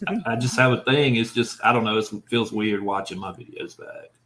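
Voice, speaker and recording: A man's voice: mid-range voice, measured pace, a bit bright, rough recording. A man from Mississippi with a Southern accent, chatting casually on a live stream and telling folksy stories. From Mississippi, USA. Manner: folksy storytelling with laughs. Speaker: dumpster diving YouTuber.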